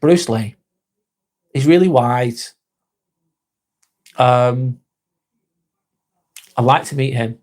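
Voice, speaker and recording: A man's voice: mid-range voice, very slow, long pauses, darkish tone. A man, hosting a casual live stream, chatting to viewers by name, laid-back and swearing freely. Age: 40s.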